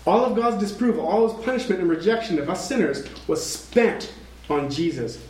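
Dramatic high-voiced male preacher, echoey room. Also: expressive, a little fast. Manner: dramatic, swings from hushed to shouting. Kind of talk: sermon.

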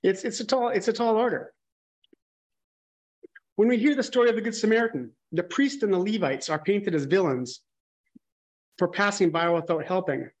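A man's voice: sits high, normal speed, pauses often. A man preaching a conversational sermon, candid and musing, thinking aloud and often restarting his sentences.

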